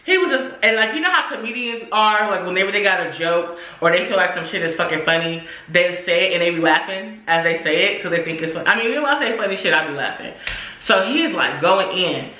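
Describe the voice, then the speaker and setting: A young adult woman vlogger telling a story casually, in animated, slangy, profane speech. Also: mid-range voice, a little hiss or hum. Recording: echoey room.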